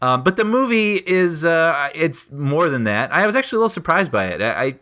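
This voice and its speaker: A man's voice: a little high, very animated, a little fast, sharp tone. A man co-hosting a podcast, casually telling a funny story and laughing often. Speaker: podcast co-host. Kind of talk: casual chat, anecdote telling.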